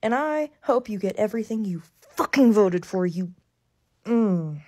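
A woman's voice: medium pitch, expressive, unhurried, mellow. A woman ranting angrily to camera, swearing constantly and furious. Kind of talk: angry rant to camera.

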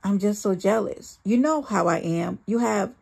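A woman voicing a jealous, volatile, abusive man who swings between shouting rage and pleading. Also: medium pitch, normal speed, creaky, slightly rough.

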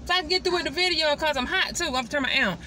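Chatty high-voiced woman vlogging. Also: very fast, a little hiss or hum. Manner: chatty, animated, keeps addressing viewers as y'all. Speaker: vlogger and mother. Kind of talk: casual chat to viewers. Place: inside a parked truck.

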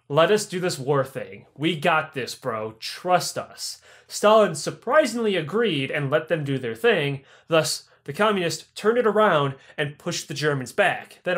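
Profane male podcast host, slightly high voice, rambling comic history. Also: fairly bright tone. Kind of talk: irreverent comedic history retelling.

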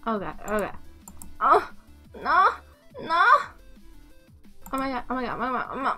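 A woman giving live gameplay commentary, excitable, swearing and laughing, with squeals when things heat up. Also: sits high, moderate pace, soft background music. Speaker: game streamer.

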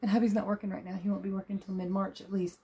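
A woman chatting casually to her phone camera as a vlogger, folksy and quick to laugh. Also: mid-range voice, little pitch movement, mellow, slightly rough. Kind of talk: casual vlog chat. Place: outdoors at a car lot, then at home.

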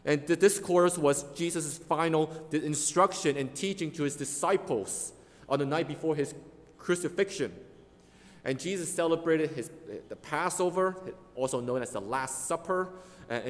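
A man's voice: a little high, moderate pace. Man preaching in a reverberant church. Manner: earnest, emphatic preaching with stressed key words. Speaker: pastor. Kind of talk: sermon. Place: church sanctuary. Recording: long reverb of a church hall.

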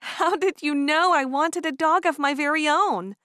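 A woman narrator voicing an eager, chatty young Amish woman who talks high and breathless. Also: normal speed, bright, forceful tone, no room sound, clean studio sound. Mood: delighted. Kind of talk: audiobook character voice.

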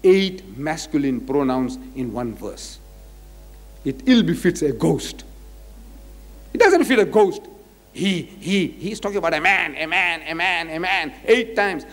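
A man giving a lively religious lecture, emphatic and repetitive as he cites scripture. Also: fairly high pitch, a little slow, soft background music. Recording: echoey lecture hall.

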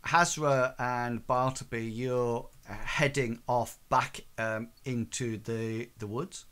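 A man's voice: mid-range voice, steady tone, a bit bright, smooth. A man narrating a tabletop game as game master, hesitant and full of fillers. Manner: slow, halting, full of ums and sort-of-likes.

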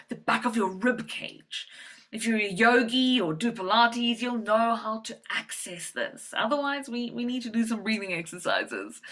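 A woman confidence coach giving a lively, demonstrative presentation, coaching her audience with direct instructions and playful swings in pitch and volume. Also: poor audio. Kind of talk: presentation to medical professionals.

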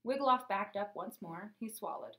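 A woman narrating a children's storybook in a lively, clear reading voice. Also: medium pitch, normal speed. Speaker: audiobook narrator.

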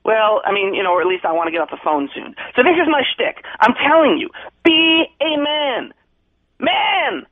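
Blustery man with a lively, swooping voice. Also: very high-pitched, moderate pace, narrow, tinny audio. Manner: blustery, preachy tough-guy bravado. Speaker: friend giving advice by phone. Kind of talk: phone advice chat.

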